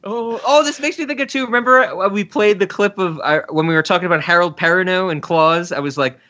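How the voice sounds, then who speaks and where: A man co-hosting a podcast in casual chat, excitable and laughing often. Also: sits high, brisk, lo-fi sound. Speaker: podcast co-host.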